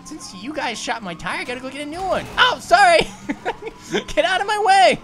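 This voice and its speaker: Giggly high-pitched woman gaming host. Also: lively intonation, moderate pace, faint music behind. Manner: giggly, playful, often shouting. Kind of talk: let's play commentary.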